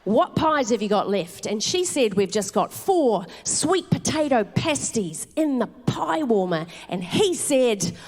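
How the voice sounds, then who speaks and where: A woman in her forties with a New Zealand accent, telling swearing, animated stand-up stories on a theatre stage. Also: on the high side, unhurried, few pauses. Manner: animated storytelling with swearing and laughter. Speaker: stand-up comedian. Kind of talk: live stand-up set. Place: theatre stage before a live audience.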